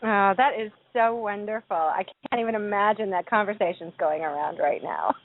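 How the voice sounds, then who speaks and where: A woman's voice: mid-range voice, moderate pace. A woman from Southern Illinois with a twang, co-hosting an internet radio chat from outdoors at night and laughing often. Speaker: co-host. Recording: tinny phone line, faint noise.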